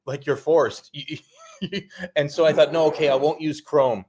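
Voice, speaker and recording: A man's voice: on the high side, fairly even intonation, a little slow, a little mellow, a little hiss or hum. A man joining a live stream as a guest, chatting casually and laughing along.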